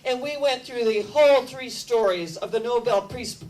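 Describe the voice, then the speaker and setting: A woman speaking to an audience, telling a story as a lively storyteller who keeps coming back to energy and spirit. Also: a little high, normal speed, far from the mic, poor audio. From United States. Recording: voice a bit off mic with faint hum.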